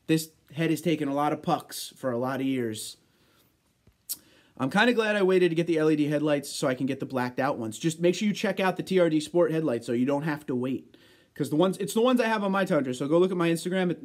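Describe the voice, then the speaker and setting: A man's voice: fairly high pitch, lively intonation, brisk. A man hosting a casual livestream, reading viewer comments aloud and answering them in a chatty, joking, easygoing way. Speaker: livestream host.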